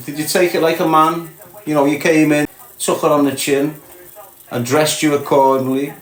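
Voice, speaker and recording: A man's voice: fairly high pitch, level tone, moderate pace. A man with a Scouse accent chatting bluntly to his livestream viewers, calling them lad and mate. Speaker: livestream host. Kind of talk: casual chat to viewers. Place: small box room indoors. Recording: roomy echo.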